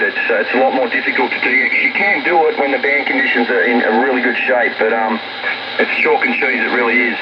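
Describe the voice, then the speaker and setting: An Australian man talks over a shortwave link, thick with hiss and static and narrowed to a dull, lo-fi band. He speaks in stop-start bursts, repeats his words, and tosses in "mate" at every turn. He sounds like a friendly ham operator on a long-distance contact. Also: medium pitch. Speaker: amateur radio operator. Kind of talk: casual on-air radio chat. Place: heard over the air from a distant home station. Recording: crackly shortwave radio with heavy static.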